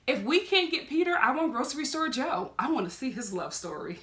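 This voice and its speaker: A woman vlogger giving a casual, animated review of a TV show, laughing often and jumping into high exclaims. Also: fairly quick, echoey room.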